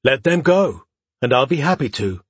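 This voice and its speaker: A man voicing an old male swordmaster, speaking steadily and shouting hoarsely in the fight. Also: medium pitch, sing-song, moderate pace. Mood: calm. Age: older.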